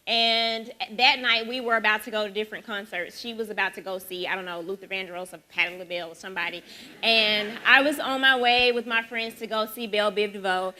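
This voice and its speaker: A woman in her forties from Memphis with a Southern accent, giving a lively conversational keynote talk at an education symposium. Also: mid-range voice, a little fast. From Memphis, Tennessee. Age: 40s. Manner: lively, conversational, rhetorical questions. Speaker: symposium speaker.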